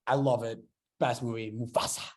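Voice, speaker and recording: At a moderate pace, a young man in his twenties hosts a casual podcast with obvious enthusiasm. His middle-pitched voice wanders through rambling thoughts, tripping on restarts when he gets excited.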